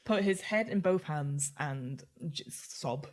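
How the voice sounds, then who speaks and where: A woman's voice: deep voice, expressive, slow pace, darkish tone. A woman narrating as game master, describing scenes in a chatty, loose way.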